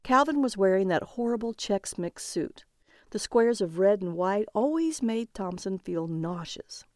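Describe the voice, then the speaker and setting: A woman narrating a dark story in a slow, expressive reading voice. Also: medium pitch, no room sound, studio quality.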